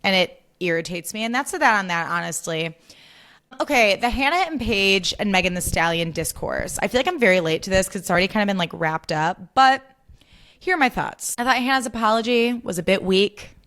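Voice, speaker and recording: A woman hosting her own podcast in a loose, ranting chat. She gets fired up and swears freely as she goes. Her voice sits at a middling pitch for a woman. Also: brisk. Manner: animated, swears freely, worked up. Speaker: podcast host. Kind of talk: solo podcast, casual rant.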